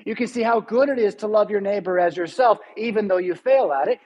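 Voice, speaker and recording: A man's voice: sits high, a little fast, a little mellow, poor audio. A male pastor giving a sermon in a church, teaching steadily and stressing key words. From United States.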